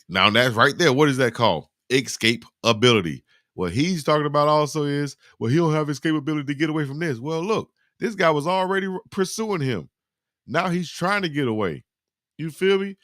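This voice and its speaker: A man hosting a live football highlight reaction, giving animated, slangy play-by-play and talking to his chat. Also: brisk, dry recording, clean studio sound. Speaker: sports reaction host.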